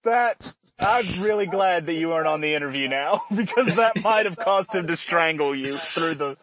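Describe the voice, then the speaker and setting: A man's voice: fairly high pitch, moderate pace, a crowd in the background. A man hosting a casual sports podcast, joking and laughing often as he talks. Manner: laughs often, animated and jokey. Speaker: podcast host.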